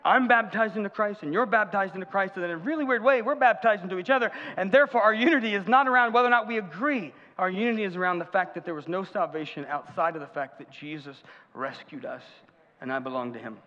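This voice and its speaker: A man's voice: high voice, fast talker, pushed and bright. A man preaching a conversational sermon as pastor, with humorous asides and audience questions. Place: church sanctuary. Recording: muffled church hall reverb.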